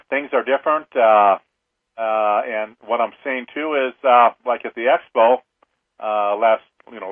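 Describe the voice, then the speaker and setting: A man hosting a talk radio show, rambling earnestly with many fillers, heard over a tinny phone line. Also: mid-range voice. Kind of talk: casual talk-radio monologue.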